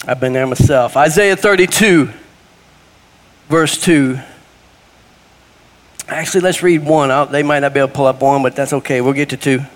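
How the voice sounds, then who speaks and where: A man's voice: medium pitch, fairly even intonation, normal speed, long pauses. Folksy preacher man in a reverberant church. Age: middle-aged. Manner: folksy, conversational preaching with sudden rises. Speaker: guest preacher. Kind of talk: sermon. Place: church sanctuary. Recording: long hall reverb.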